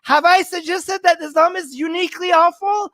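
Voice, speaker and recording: Host: high-pitched man, dry close sound, heated ranting livestream reaction. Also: steady tone, moderate pace, pushed and bright, no echo. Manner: heated, ranting with rhetorical questions. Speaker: channel host.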